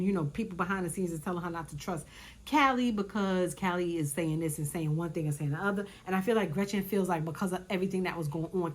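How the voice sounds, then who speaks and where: A woman with a fairly low voice recaps reality show episodes in casual commentary. She's chatty and animated, often repeating herself for emphasis.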